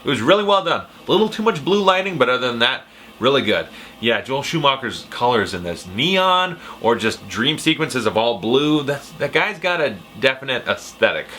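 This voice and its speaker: A man's voice: medium pitch, big pitch swings, normal speed, bright, forceful tone. A man giving a casual, profane, ranting movie review. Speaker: film reviewer.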